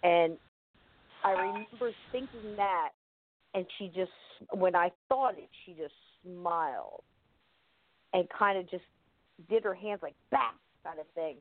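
A woman casually recounting a personal story, vivid and animated. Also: on the low side, no echo. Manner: vivid, animated retelling with acted-out moments. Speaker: guest telling a personal story. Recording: tinny phone-line sound, dry.

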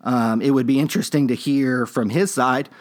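A man's voice: medium pitch, fairly even intonation, normal speed. A man hosting a podcast, telling a story in a rambling, laid-back way with many fillers and restarts. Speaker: podcast host. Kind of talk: casual storytelling monologue.

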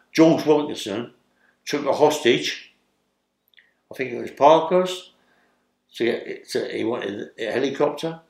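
An older Londoner with a London accent, a former criminal, rambles through a prison story in an interview, constantly tacking on "yeah?" to check in. His voice is medium-pitched and the recording is reverberant.

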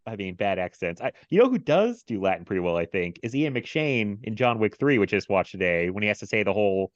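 A man hosting a casual movie podcast, telling stories with laughter and animated bursts. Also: on the low side, fast talker, no room sound. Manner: animated storyteller, laughs often. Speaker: podcast host. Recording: dry, slightly dull sound.

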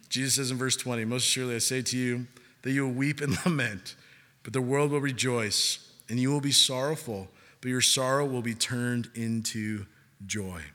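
A man preaching a sermon with animated delivery, joking and acting out quoted voices. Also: mid-range voice, normal speed. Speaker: pastor. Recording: long hall reverb.

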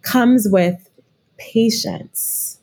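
Middle-aged woman, podcast guest expert: husky tone, unhurried, reflective delivery with frequent restarts. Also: mid-range voice, darkish tone. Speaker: guest expert, leadership consultant. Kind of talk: podcast interview conversation.

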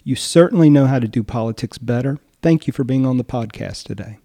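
A man's voice: medium pitch, brisk, warm tone. A man co-hosting a political podcast in a thoughtful, easygoing way. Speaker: podcast co-host. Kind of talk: casual political podcast chat.

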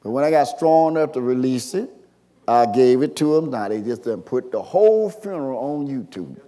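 A man, preaching a sermon, swinging from quiet storytelling to shouted call-and-response. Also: mid-range voice, expressive, normal speed. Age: 60s.

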